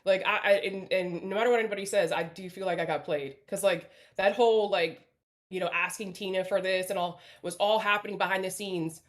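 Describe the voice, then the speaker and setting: A woman's voice: medium pitch, fairly even intonation, a little fast. A woman talking bluntly and apologetically on a livestream panel over a video call, swearing often. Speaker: stream panel guest. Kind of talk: candid livestream chat.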